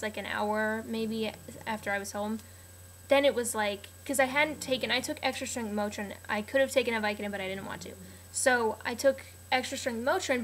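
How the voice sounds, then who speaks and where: A woman's voice: on the high side, fairly bright tone, slight background noise. A young woman vlogger casually telling a personal story to camera, rambling with lots of fillers and restarts.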